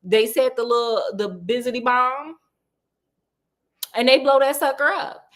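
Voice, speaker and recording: A woman casually recapping a horror novel, animated and playful, acting out characters' lines in quick asides. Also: a little high. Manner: playful and sassy. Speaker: book recap host. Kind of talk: casual book recap storytelling.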